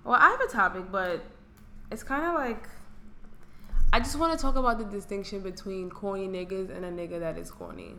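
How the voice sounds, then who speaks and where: A woman's voice: mid-range voice, big pitch swings, fairly quick, pushed and bright, slight background noise. A woman co-hosting a podcast who talks in a blunt, teasing and profane way. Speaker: podcast co-host. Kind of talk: casual chat.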